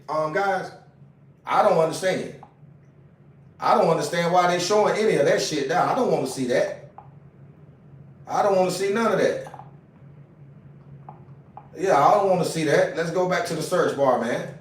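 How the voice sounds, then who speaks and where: A man's voice: fairly high pitch, moderate pace, long pauses, recorded from a distance. A man on a casual livestream, talking in an agitated, profane way and repeating himself, recorded away from the mic. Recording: roomy sound, away from mic.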